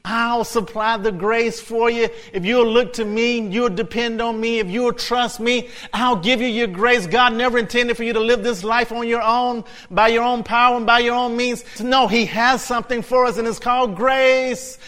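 A man preaching a sermon, repeating phrases in a chant that builds to shouting. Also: extremely high pitch, fairly even intonation, normal speed, hardly any pauses.

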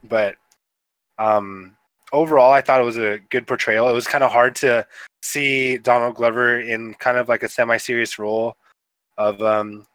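A man's voice: medium pitch, steady tone, moderate pace, fairly bright tone, clean tone, no room sound, poor audio. Rambling man with a dry sound. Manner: rambling, heavy fillers, laughs often. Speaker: podcast co-host. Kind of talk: casual movie review chat.

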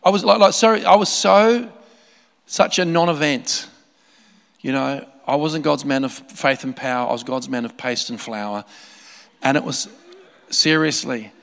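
A man preaching a sermon, telling a story in an animated way with laughing asides and many restarts. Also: medium pitch, a little slow, vocal fry. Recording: long hall reverb.

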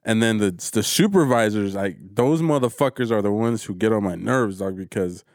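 A man's voice: fairly low pitch, moderate pace, a little mellow, no echo, studio quality. A man in casual chat, laid-back and profane, telling a story about work. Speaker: warehouse worker.

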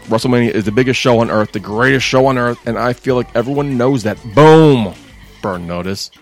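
A man's voice: medium pitch, quick pace, faint music behind. A man co-hosting a casual podcast, reading wrestling news with wry, dismissive asides.

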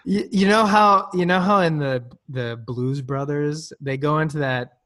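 A man's voice: unhurried, a bit bright. A man in his thirties from North Dakota, a guest on a ministry podcast, chatting casually and telling jokey stories. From North Dakota, USA. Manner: jokey storyteller, pitch jumps when telling anecdotes.

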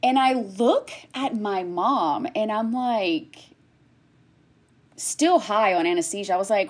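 A woman in her thirties telling a personal story in conversation, animated and acting out what others said in quick bursts. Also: mid-range voice. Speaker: guest sharing a personal story.

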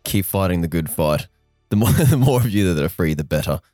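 A deep-voiced man playing a tabletop role-playing game, jokey and quick to laugh. His voice sounds dry and close to the mic. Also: animated, warm tone, no echo, soft background music. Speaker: player.

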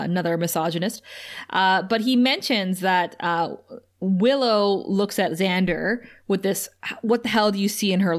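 A woman co-hosting a casual podcast, recapping a TV episode with frequent laughter and acted-out quotes. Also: mid-range voice. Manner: animated, laughs often, acts out quoted lines.

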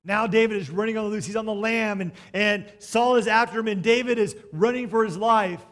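This male preacher delivers a storytelling sermon in a high-pitched voice at a brisk pace, shifting between loud bursts and hushed moments and slipping in joking asides to the congregation.

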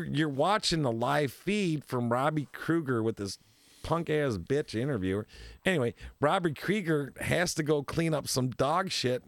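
A man's voice: a little high, gravelly, no room sound. A man hosting a talk show, telling a story in a loose, rambling way, repeating himself and laughing often.

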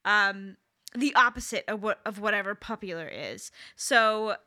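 A woman's voice: mid-range voice, measured pace, pushed and bright. A woman in her thirties co-hosting a podcast, talking in a candid, wry and self-deprecating way. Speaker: podcast co-host. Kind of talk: casual chat.

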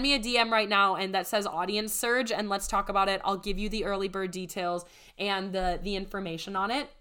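A young woman business coach giving an enthusiastic, persuasive sales pitch, her voice strained and close to giving out. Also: fairly even intonation, a little fast, bright, forceful tone, smooth. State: strained, nearly losing her voice. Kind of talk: promotional podcast monologue.

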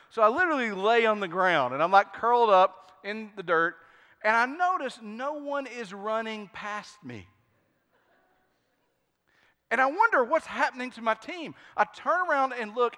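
A man pastor preaching a sermon, telling stories with lively acted-out quotes. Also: high-pitched, in a large hall. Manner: storytelling, animated, acts out quotes. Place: church sanctuary.

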